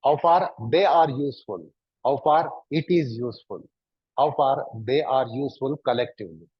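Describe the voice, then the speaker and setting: A man's voice: medium pitch, moderate pace, breathy edge, no echo. A man teaching a yoga class, guiding students through poses and pressing them with repeated, probing questions. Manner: repetitive, probing rhetorical questions. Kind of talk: instructing a class. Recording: dull lo-fi recording.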